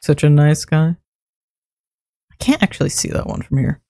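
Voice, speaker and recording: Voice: mid-range voice, moderate pace, warm tone, no echo. A young adult streamer chatting casually while building in a game, rambling from one story to the next with frequent laughs and the odd swear word.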